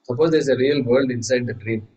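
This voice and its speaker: A man teaching a scripture class, lively, asking rhetorical questions and acting out voices. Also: medium pitch, brisk, low-quality recording. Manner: animated, acts out quoted voices, rhetorical questions. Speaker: Vedanta teacher. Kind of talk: class lecture.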